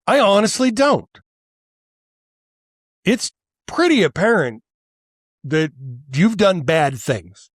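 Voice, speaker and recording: A man's voice: sits high, big pitch swings, slow pace, pauses often, dry recording, studio quality. A male podcast host delivering a heated, profane political monologue, worked up and angry, stammering and restarting as he goes.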